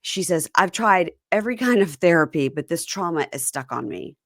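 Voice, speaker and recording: A woman hosting a casual recap chat, retelling scenes and quoting people in lively voices. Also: on the low side, normal speed, dry recording, studio quality. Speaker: podcast host.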